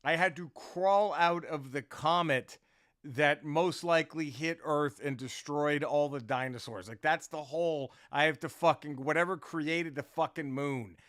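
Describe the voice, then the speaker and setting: A man's voice: fairly high pitch, measured pace, a bit bright, no echo, studio quality. A man, a comedian, telling a story casually in a rambling, profane way, with many restarts.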